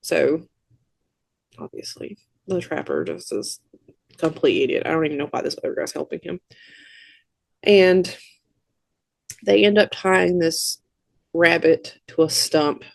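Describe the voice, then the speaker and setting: A podcast co-host chats through a casual movie recap scene by scene, animated and throwing in wry asides. The voice is medium-pitched, creaky, and measured, with frequent pauses and no room sound.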